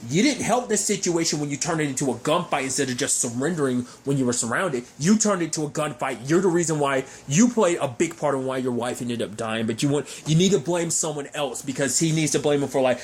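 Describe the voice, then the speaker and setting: A man casually recapping a TV episode, rambling and animated, with frequent fillers and restarts. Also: a little high, quick pace, slight background noise. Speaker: TV show recapper.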